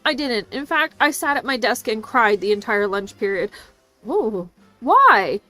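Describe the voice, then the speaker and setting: Woman, higher voice, casual vlog rant, swears a lot, quotes others in voices, faint music underneath. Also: moderate pace, pushed and bright, dry recording. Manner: venting, swearing, quoting people in voices. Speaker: assistant language teacher. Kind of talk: casual storytime chat.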